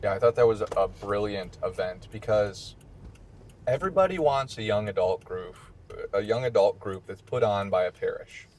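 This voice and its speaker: A man with a Midwestern American accent, a priest hosting a casual chat during a car ride and telling stories with lively quotes. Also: fairly low pitch, moderate pace. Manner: chatty, storytelling with mimicked quotes. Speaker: priest and podcast host.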